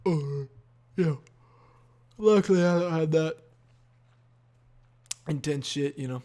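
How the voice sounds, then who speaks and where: Man, podcast host, casual monologue, swears a lot, fillers everywhere, slightly high voice. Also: slow pace, pauses often. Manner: profane, rambling, heavy on fillers; animated, with loud exclamations.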